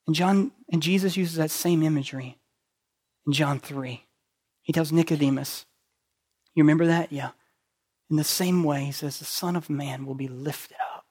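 A man preaching a sermon as pastor, conversational and full of asides, moving between hushed, near-whispered lines and loud, urgent passages. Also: on the high side, a little slow, breathy edge.

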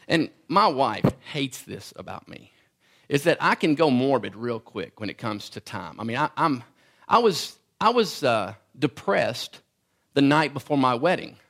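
Gravelly man preaching conversationally. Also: mid-range voice, very animated, measured pace, fairly bright tone. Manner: conversational, self-deprecating storytelling with stammered restarts. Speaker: pastor. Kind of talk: sermon.

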